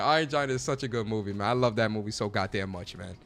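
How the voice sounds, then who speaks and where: A man's voice: on the low side, fast, fairly bright tone, faint music behind. A man hosting a casual livestream chat, talking in a chatty, slangy way and reacting to viewers. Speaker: podcast host.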